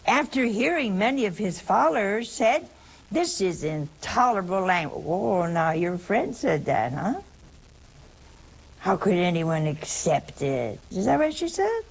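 A woman hosting a call-in program speaks slowly and deliberately. Her voice has a gravelly, rough edge. She answers a caller with emphatic religious teaching, repeats her points and quotes scripture at length. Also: mid-range voice, very animated, low-quality recording.

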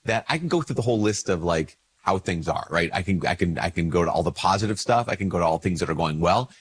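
A male priest with a somewhat low, slightly husky voice, stuffed up with a cold. He talks in a relaxed, conversational way and acts out small everyday exchanges. His tone stays personal and unhurried. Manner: conversational, acts out little dialogues with lifted pitch. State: congested with a cold. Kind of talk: casual spoken reflection to camera.

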